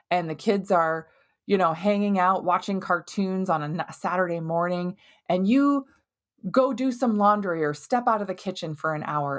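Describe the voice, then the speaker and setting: A woman with a slightly low-pitched voice talks through a health topic as a podcast host. Her delivery is conversational and animated, and she keeps reaching for everyday comparisons to make a point land. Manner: explains with homely analogies, conversational and animated. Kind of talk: educational podcast monologue.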